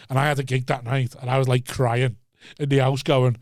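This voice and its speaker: A man telling a story on a podcast, animated and swearing as he acts out the voices. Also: medium pitch, fast, few pauses, dry recording, studio quality. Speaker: comedian.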